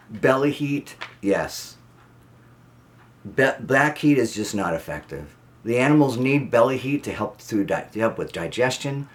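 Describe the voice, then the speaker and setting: A man, a snake breeder, giving a blunt, emphatic class on keeping ball pythons, repeating his instructions. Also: medium pitch. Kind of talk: instructional talk to camera.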